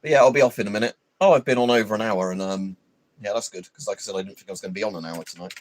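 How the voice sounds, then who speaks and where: A man's voice: fairly low pitch, very fast, slight background noise. A man hosting a livestream, rambling and swearing in an opinionated, casual chat full of fillers. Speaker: livestream host.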